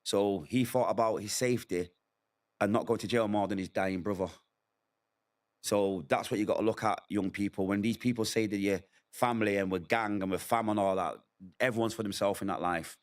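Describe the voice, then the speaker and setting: Brisk and steady, with a voice on the low side, a middle-aged man gives personal testimony during an interview. He speaks candidly and emotionally about his struggles, voicing the quotes of those involved.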